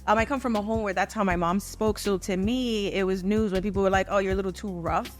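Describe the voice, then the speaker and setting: A woman's voice: medium pitch, fairly even intonation, quick pace, faint music behind. A woman in her thirties co-hosting a podcast in casual chat, assertive and blunt, telling stories with profanity. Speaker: podcast co-host.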